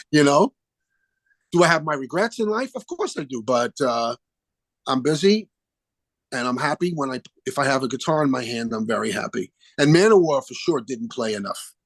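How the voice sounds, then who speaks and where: An older man, a guest musician chatting in an interview, animated and acting out the people he quotes. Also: mid-range voice, normal speed, dry recording. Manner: animated storyteller, acts out phone calls in quoted voices. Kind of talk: casual interview chat.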